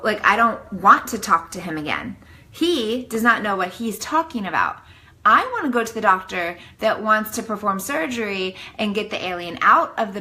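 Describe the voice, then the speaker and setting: A woman vlogging to her viewers, telling a story in a dramatic, animated way full of "like". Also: medium pitch, rough recording. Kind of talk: casual storytelling to camera.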